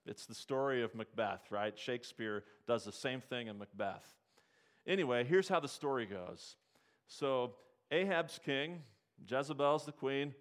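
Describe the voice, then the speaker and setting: A man preaching to his congregation in a church, his pitch sitting in a middle range. He retells scripture stories with lively energy, throws questions out to the room and briefly acts out the characters. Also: a little slow. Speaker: pastor. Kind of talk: sermon.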